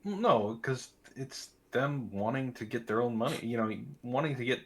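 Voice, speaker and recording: A man's voice: mid-range voice, moderate pace, fairly bright tone. A man guesting on a casual podcast in a mid-range voice. He talks at an easy pace, hesitating with fillers. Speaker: guest, story narrator. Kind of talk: casual chat.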